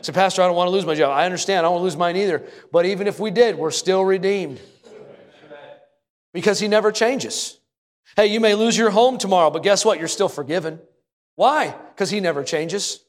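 A man's voice: high voice, a little fast, long reverb tail. A man preaching a sermon as pastor, building repeated refrains and calling out to the congregation. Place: church sanctuary.

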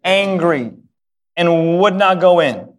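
A male pastor preaching a sermon, telling a story with lively acted voices and repeating words when excited. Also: high voice, slow pace. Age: adult, married. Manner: animated storytelling, acting out voices of the father and son. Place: church sanctuary. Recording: hall reverb.

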